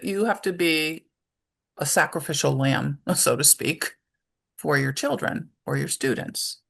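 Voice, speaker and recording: A woman's voice: fairly low pitch, vocal fry, fairly bright tone. A woman presenting a webinar to parents and teachers, speaking conversationally and explaining her points through everyday examples.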